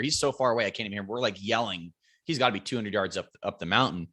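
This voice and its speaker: A man with a bright, forceful voice tells a hunting story as a podcast guest, animated and loose-tongued. He swears freely and pitches up to act out friends yelling across a mountainside. The sound is dry and close, with no room around it. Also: a little fast, dry recording. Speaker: podcast guest, bow hunter. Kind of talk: casual hunting story telling.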